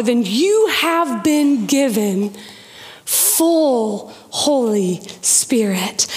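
A woman pastor preaching a sermon, telling stories with slow emphatic pauses and quick lively bursts. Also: high voice. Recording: long hall reverb.

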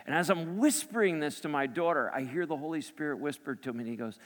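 A man delivers a sermon as a personal story, his fairly high voice moving between emphatic bursts and quiet, hushed passages. He is heard in a large hall, with a long reverb trailing his words. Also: quick pace, few pauses. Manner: storytelling, dramatic shifts between loud and hushed. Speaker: pastor.

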